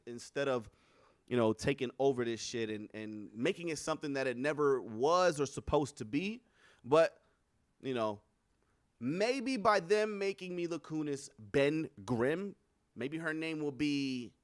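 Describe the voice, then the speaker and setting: A man hosting a livestream in casual, profane commentary, animated and often laughing. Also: mid-range voice, no room sound, studio quality. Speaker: livestream host.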